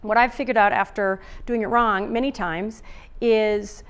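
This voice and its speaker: A woman's voice: mid-range voice, fairly even intonation, unhurried, clean tone. Chatty woman giving a relationship talk. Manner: chatty, many fillers and restarts. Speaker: relationship author and speaker. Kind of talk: summit talk, casual and conversational.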